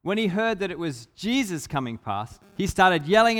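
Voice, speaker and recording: Male preacher, slightly high voice, lively storytelling, long hall reverb. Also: moderate pace, few pauses. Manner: animated retelling, shouting out the lines of the people in the story. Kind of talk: sermon retelling a Bible story.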